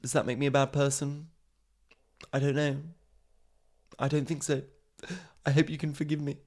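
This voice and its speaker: A man's voice: a little high, little pitch movement, moderate pace, darkish tone. A man, a comedian hosting his podcast in a casual, rambling monologue, swearing freely and mocking himself.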